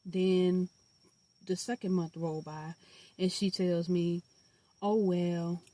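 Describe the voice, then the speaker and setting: A young adult woman telling a personal storytime to her viewers, animated and blunt, with profanity and slangy asides. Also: lowish voice, slow pace. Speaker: storytime vlogger. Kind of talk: casual storytelling.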